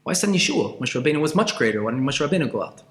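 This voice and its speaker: A man giving a passionate Torah class, asking questions and swinging from loud outbursts to hushed asides. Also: medium pitch, big pitch swings, rapid-fire, echoey room. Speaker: Torah teacher.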